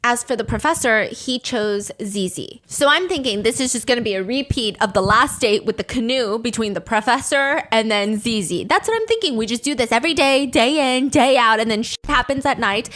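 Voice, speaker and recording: A woman hosting a podcast, recapping a story in a casual, animated and sarcastic way, with the odd swear word. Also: on the high side, fairly quick, few pauses, faint music behind. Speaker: podcast host.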